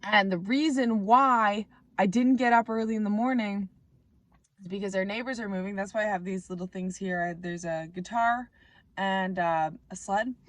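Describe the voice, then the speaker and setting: Raspy-voiced woman chatting to camera. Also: mid-range voice, moderate pace, no echo. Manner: rambling, chatty, self-mocking. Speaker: vlogger. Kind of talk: casual chat to camera. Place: Canada.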